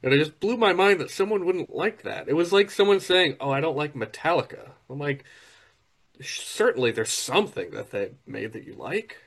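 A man's voice: fairly high pitch, expressive, moderate pace, vocal fry. A man in a casual chat, telling a story with enthusiasm.

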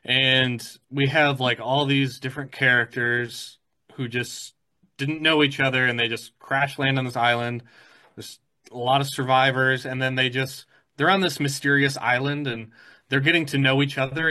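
Male co-host, bright tense timbre, earnest and eager. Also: mid-range voice, flat delivery, moderate pace. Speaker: podcast co-host. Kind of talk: casual chat.

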